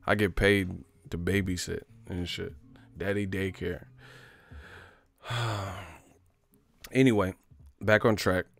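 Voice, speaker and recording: A man's voice: low-pitched, fairly even intonation, slow pace, creaky, long pauses, no room sound. A man, a boxing vlogger, giving casual, joking commentary full of slang and profanity.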